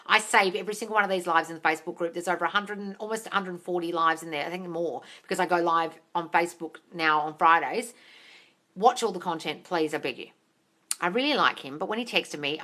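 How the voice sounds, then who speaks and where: A woman hosts a live Q&A, reading out viewer comments and answering with gushing, excitable energy. Her voice is bright and forceful, and she swears casually and calls everyone darling. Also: on the low side. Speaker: manifestation coach and live-stream host.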